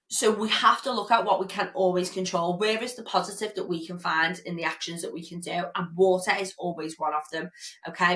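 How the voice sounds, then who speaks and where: A young woman with a British accent talks straight to her listeners in a chatty fitness podcast. She is blunt and casual, drops the odd swear, and keeps checking in with "okay?". Her voice sits at a mid pitch for a woman. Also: a bit bright. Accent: British English. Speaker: podcast host, fitness coach.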